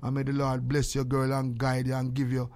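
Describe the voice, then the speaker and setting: A little fast and medium in pitch, this older man with a Jamaican accent tells his stories casually. He acts out quoted exchanges with animation and breaks into prayer.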